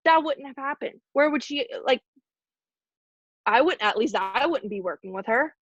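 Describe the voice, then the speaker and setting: A woman's voice: high-pitched, animated, normal speed, breathy edge, dry recording, lo-fi sound. A woman leading her team, giving a candid, emotional motivational talk on a video call, casual with lots of "like". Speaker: team leader speaking to her team.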